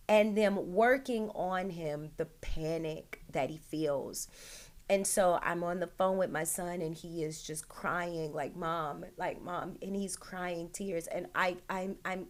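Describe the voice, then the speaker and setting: A woman hosting her own show, telling an emotional personal story straight to her listeners with many "like" and "right?". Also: on the low side.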